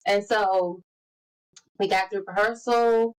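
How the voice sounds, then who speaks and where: A woman in her forties co-hosting a podcast, telling stories in lively casual chat and acting out the quotes. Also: mid-range voice, moderate pace, rough recording. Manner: animated storyteller, acts out quotes. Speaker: podcast co-host.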